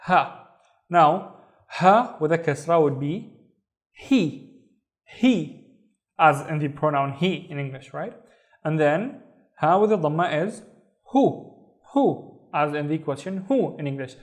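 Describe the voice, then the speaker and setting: A man teaching an online language lesson, speaking slowly and carefully, with a Saudi Arabic accent, repeating each word for pronunciation. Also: a little high.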